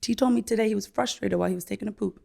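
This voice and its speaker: A woman's voice: mid-range voice, very fast, creaky, warm tone. A woman in her thirties, a podcast guest in casual chat, talking loosely with many "like"s and frequent laughter. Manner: chatty, laughs often, says "like" a lot.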